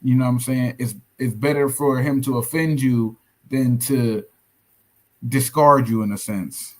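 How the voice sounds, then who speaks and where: A man talking as a podcast guest, hesitant and reflective, with halting starts. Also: mid-range voice, fairly even intonation, darkish tone. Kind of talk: casual conversation.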